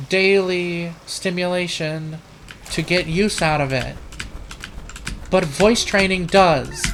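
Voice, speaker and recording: Woman, low voice, slow drawl, live game commentary, rambling and profane, keyboard clicks behind. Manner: rambling, profane and self-mocking; practicing a trained feminine voice. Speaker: let's play host. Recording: keyboard clicks and room noise.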